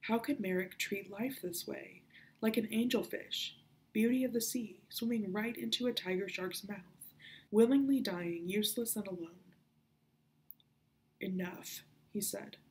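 A woman librarian reading a children's novel aloud in a soft, hushed storytelling voice that often drops to a whisper. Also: medium pitch, normal speed, poor audio.

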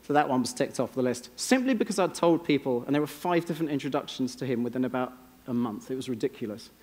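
A man's voice: medium pitch, animated, fast talker, darkish tone. An English man giving a keynote talk on a conference stage, telling wry, self-deprecating stories. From England. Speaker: conference speaker. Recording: long reverb of a large hall.

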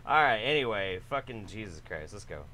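A man's voice: lowish voice, very animated, brisk, pushed and bright, slight background noise. A man doing sarcastic, mocking reaction commentary, swearing freely. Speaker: commentary YouTuber.

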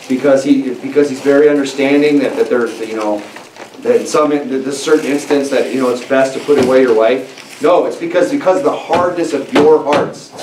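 A man's voice: medium pitch, a little mellow. A male pastor preaching a sermon in a church, talking in an emphatic, conversational way with frequent restarts. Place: church sanctuary. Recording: echoey church room, mic at a distance, faint hiss.

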